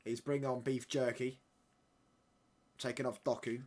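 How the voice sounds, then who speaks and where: A young man live-streaming a football watchalong, reacting excitedly and bantering with viewers in slangy chat. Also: medium pitch, moderate pace.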